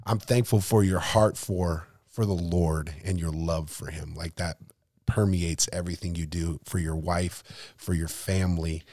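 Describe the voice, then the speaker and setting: A man's voice: deep voice, fairly even intonation, unhurried, a little mellow, no echo, studio quality. A man, a pastor hosting a church podcast, talking earnestly with thanks and closing in prayer. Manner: earnest and thankful, with many restarts.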